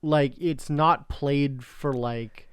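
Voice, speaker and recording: Smooth-voiced young guy, casual chat. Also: mid-range voice, very slow, a bit bright, no room sound. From Canada. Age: young adult. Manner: rambling, laughing, swearing. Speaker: podcast co-host.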